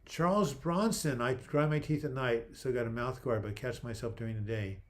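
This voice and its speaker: This livestream host is an older man with a mid-range voice and an ordinary speaking speed. He reads out comments from viewers and answers them casually, joking around and restarting himself a lot.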